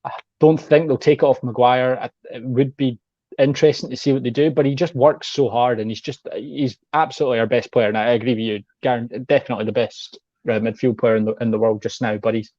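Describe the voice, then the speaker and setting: A man's voice: medium pitch, fairly even intonation, fast, darkish tone, no echo, lo-fi sound. A man talking football as a guest, rambling and saying "like" a lot. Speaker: guest pundit. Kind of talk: casual chat.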